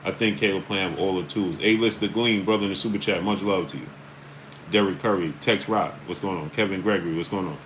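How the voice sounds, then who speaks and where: A man with a New York accent and a very low voice hosts a casual live stream, rattling off viewer names with quick greetings. He speaks bluntly and with emphasis, and a faint hum sits behind him. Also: a bit bright, low-quality recording. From Brooklyn, New York.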